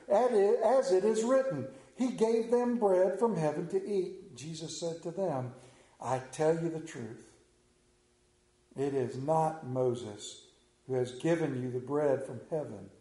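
Here a pastor with a high, mellow voice delivers a sermon with scripture reading and prayer, drawling through a folksy story. Echo fills the room, and the audio is rough.

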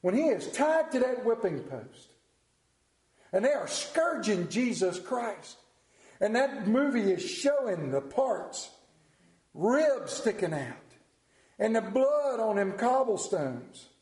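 An echoey room carries the sermon of a middle-aged man with a rural Southern American accent, whose voice sits high and moves at a slow pace. He tells stories in a folksy, animated way, with sudden drops to quiet.

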